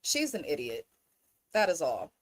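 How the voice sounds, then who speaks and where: A woman's voice: sits low, huge pitch swings, measured pace. Blunt exasperated woman recapping reality TV. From Bay Area, California. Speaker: host. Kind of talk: casual reality TV recap chat.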